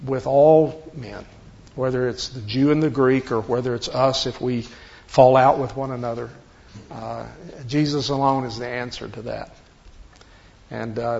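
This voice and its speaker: A man's voice: mid-range voice, vocal fry. A man leading a conversational Bible study, explaining step by step and asking rhetorical questions. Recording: dull lo-fi recording.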